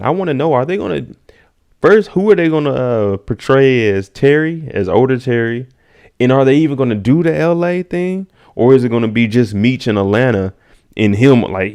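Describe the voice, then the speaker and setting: A man's voice: darkish tone, smooth. A man casually recapping a TV episode on a live stream, using slang, answering chat by name and acting out scenes. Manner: laid-back slang, reads chat names, acts out scenes in high voices.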